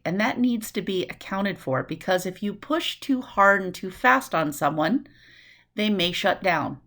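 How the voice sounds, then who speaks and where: A woman from New City, giving a recorded nursing lecture in a lively way, acting out quick voices and asides. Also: mid-range voice. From New York City. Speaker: nursing instructor.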